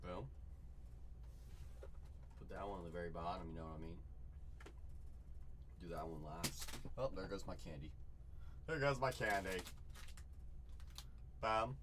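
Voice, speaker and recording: A man hosting a live card break from a shop, excitedly chatting with viewers, repeating catchphrases and calling out their names. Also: low-pitched, measured pace, long pauses, a little hiss or hum. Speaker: livestream card break host. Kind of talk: excited live sales chat.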